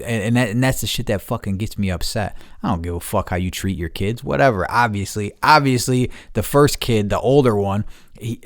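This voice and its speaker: A man's voice: fairly low pitch, gravelly, no room sound, clean studio sound. A man delivering an angry, profane monologue, repeating himself and restarting sentences as he vents. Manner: angry, heavy swearing, repeats words, restarts. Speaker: podcast host.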